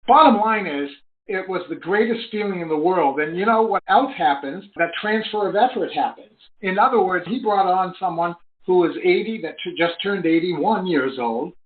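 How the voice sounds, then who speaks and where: A middle-aged man, an online business coach, telling a story in earnest on a live conference call, his voice rising high when excited. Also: normal speed. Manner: earnest storytelling, swings between low and high excited pitch. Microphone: phone call line. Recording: tinny phone line.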